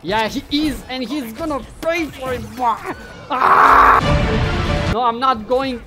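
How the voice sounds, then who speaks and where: A man commentating his own gameplay who swears often, taunts his opponents and bursts into yelling. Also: very high voice, moderate pace, loud music behind the voice. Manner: bursts into loud yelling when winning or losing. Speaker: gaming YouTuber.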